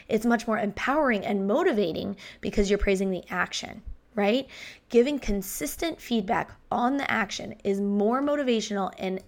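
A woman in her thirties, a teacher hosting a podcast, talking in a chatty, animated way and acting out quotes. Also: medium pitch, normal speed, vocal fry. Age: 30s. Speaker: podcast host and language teacher. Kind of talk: casual podcast monologue.

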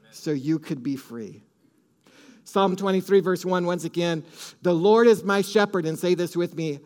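A man preaching a sermon with strong emphasis, leading the congregation to repeat phrases after him. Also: high-pitched. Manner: emphatic, leads congregation in call-and-response.

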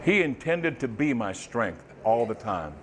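A man preaching a sermon, swinging from loud fervent bursts to soft, murmured testimony. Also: medium pitch, very animated, a little slow, slight background noise.

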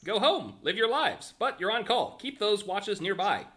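A man's voice: high-pitched, very animated, normal speed, bright, forceful tone, voice pushed up, heavily acted. A man voicing a cheerful male helper who talks in an upbeat, breezy way in a tabletop game. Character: chipper male helper handing out gear.

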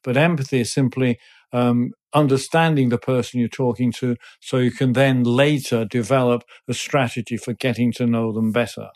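Older man, mid-pitched, hesitant and thoughtful, interview guest. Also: fairly even intonation, moderate pace, darkish tone. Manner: thoughtful, hesitant, many fillers. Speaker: guest, business person.

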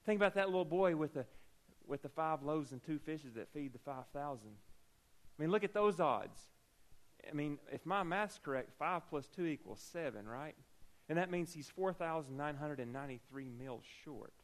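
A man's voice: a little high, expressive, moderate pace, poor audio. A man preaching a sermon, telling a personal story with humorous asides and acting out the dialogue.

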